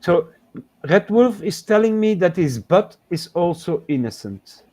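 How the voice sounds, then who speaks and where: A man's voice: high voice, very animated, a little slow, mellow. Patient man coaching a painter. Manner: patient, step-by-step instructing. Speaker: co-host of a painting chat show. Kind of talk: casual livestream chat while coaching painting.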